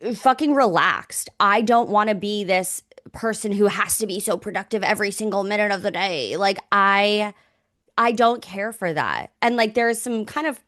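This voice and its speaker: A woman's voice: mid-range voice, moderate pace, fairly bright tone, no room sound. Frank, casual young woman, dry sound. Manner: frank, says "like" constantly, mild swearing. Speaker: podcast co-host. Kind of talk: casual chat.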